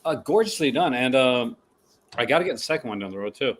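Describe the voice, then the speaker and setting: A man's voice: mid-range voice, lively intonation, fast talker. Sleepy, chatty livestream host man. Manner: chatty, greets viewers by name. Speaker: co-host of a film collecting livestream. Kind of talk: casual live chat.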